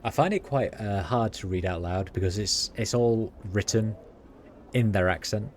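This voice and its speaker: A man streaming a game, reading its text aloud and thinking out loud with halting fillers. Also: lowish voice, a little hiss or hum.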